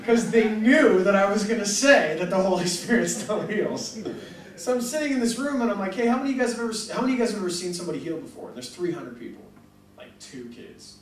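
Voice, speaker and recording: Young guy preaching, high voice, super animated, acts out convos, hall echo everywhere, kinda far off. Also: a little hiss or hum. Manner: excitable, jokey, acts out both sides of conversations. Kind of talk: animated sermon storytelling. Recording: echoey hall mic from a distance.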